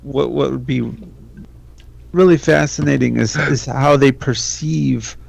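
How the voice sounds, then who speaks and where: Slow gravelly podcast guy, deadpan, kinda thinking out loud. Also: medium pitch, a crowd in the background. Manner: slow, musing, deadpan asides. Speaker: podcast co-host. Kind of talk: casual chat.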